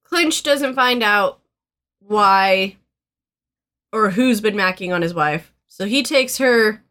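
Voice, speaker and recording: A woman's voice: mid-range voice, lively intonation, takes it slowly, a bit bright. A woman co-hosting a podcast, recapping a movie in casual, earnest chat full of "like" and "um". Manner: chatty, sprinkled with "like" and "um"; earnest and sentimental. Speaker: podcast co-host.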